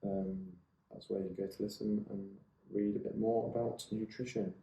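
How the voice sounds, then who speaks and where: Deep-voiced man hosting in an echoey room. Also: flat delivery, moderate pace, vocal fry, mellow. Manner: chatty, teasing, rambling with fillers. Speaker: podcast co-host. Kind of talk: casual chat.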